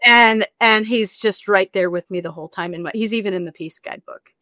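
A woman's voice: mid-range voice, fairly quick, no echo, studio quality. A woman author being interviewed, telling a personal story in casual chat and acting out the people she quotes. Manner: animated, acts out quoted voices, rambling.

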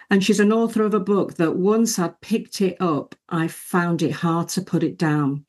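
A woman presenting a radio talk show. Her voice sits a little low and she speaks in a measured, friendly way as she welcomes her guest and asks questions. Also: a little mellow. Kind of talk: radio interview.

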